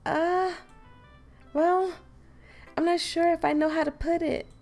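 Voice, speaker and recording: A woman's voice: very high voice, steady tone, slow, darkish tone, soft background music, pitched above the performer's own voice, exaggerated voice. A woman voicing a cheerful, confident teenage girl who leads a literature club, with a sweet, encouraging manner. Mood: bubbly.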